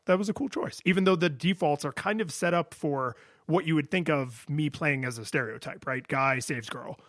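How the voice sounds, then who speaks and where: A man co-hosting a podcast in casual chat, animated, laughing often and restarting his sentences. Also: a little high, no room sound, studio quality. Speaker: podcast co-host.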